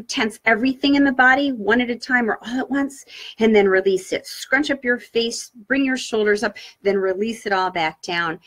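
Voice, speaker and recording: Upbeat woman coaching public speaking. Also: on the high side. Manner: upbeat, coaching, lively inflection. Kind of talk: live-streamed training talk. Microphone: webcam or laptop mic for a live stream.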